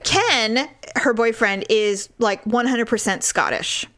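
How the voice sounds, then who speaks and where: Woman, forties, podcast co-host; lively, laughing storyteller, pitched a little high. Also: slow pace. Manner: animated storytelling, laughs often. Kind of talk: casual chat.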